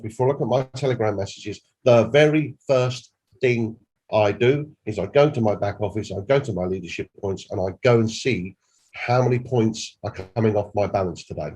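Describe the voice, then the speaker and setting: A man's voice: mid-range voice, fairly quick, warm tone, husky. A man, a company director, giving an emphatic, repetitive training presentation and demonstrating on screen.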